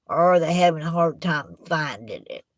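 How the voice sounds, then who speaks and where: A woman's voice: low-pitched, animated, normal speed, dry recording. A woman hosting a casual live stream. She rambles in a folksy way and talks straight to her chat from a laptop at home. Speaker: livestream host. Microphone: laptop microphone.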